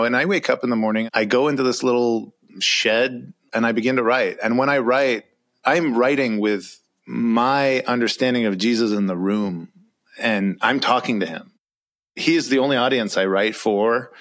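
A young adult man with an American accent, reflecting earnestly in an interview with an occasional soft laugh. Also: medium pitch. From Iran. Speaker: author and guest.

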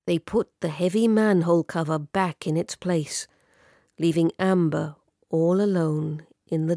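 A woman narrates a story in a slow, measured way. Her voice sits on the low side, and she drops to a whisper when the tension rises. She is recorded close and dry. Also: creaky, dark tone, dry recording. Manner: slow, measured, dropping to a whisper at tense moments.

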